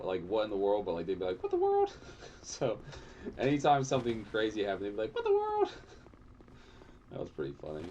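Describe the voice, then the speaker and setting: A young adult man streaming a game, rambling casually, swearing often and yelping high when surprised. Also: darkish tone, a little hiss or hum. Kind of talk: casual gameplay chat.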